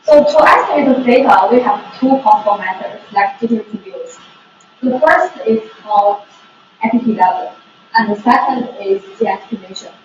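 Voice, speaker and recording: A woman's voice: medium pitch, expressive, moderate pace. Woman, academic talk, careful explanation, echoey hall, faint background noise. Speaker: researcher presenting. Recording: echoey room, distant dull mic, faint noise.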